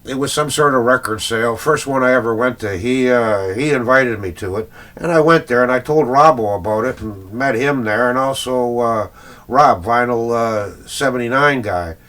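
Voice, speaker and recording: A man's voice: mid-range voice, moderate pace, a bit bright. A middle-aged Canadian man, a record collector, chatting in a rambling casual vlog full of fillers and little chuckles.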